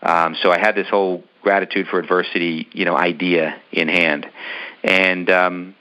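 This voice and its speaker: A man's voice: low-pitched, flat delivery, moderate pace, pushed and bright, rough recording. A man casually telling a long personal story in an interview, rambling with many ums and restarts. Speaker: business owner telling his story.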